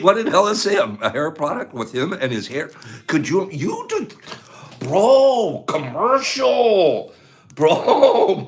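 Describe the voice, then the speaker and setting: Gushing, lively livestream host man. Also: on the high side. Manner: effusive, gushing, laughs often. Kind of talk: casual livestream chat.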